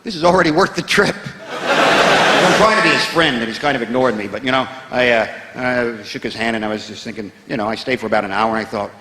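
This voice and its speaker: A man with an American accent telling a stand-up story in a wry way, dropping to low mutters for asides. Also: a little fast, pushed and bright. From United States. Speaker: stand-up comedian. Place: large theatre stage before a live audience. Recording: echoey theatre hall, laughing crowd.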